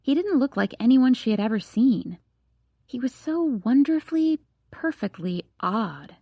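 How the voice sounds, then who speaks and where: A woman narrating a young adult novel as an audiobook reader, in an even storytelling manner. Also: fairly high pitch, unhurried, dry recording, lo-fi sound. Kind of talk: scripted narration.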